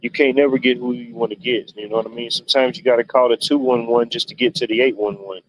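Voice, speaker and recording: A man's voice: mid-range voice, fairly even intonation, quick pace. A man hosting a livestream, rambling through stories in a laid-back, casual way with loose, drawling turns of phrase. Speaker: livestream host. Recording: dull lo-fi stream audio, faint noise.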